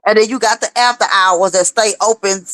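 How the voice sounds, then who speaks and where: A woman's voice: medium pitch, steady tone, a little fast, fairly bright tone, no room sound, rough recording. A woman with a Texan accent, co-hosting a casual live stream, emphatic and preachy. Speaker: co-host.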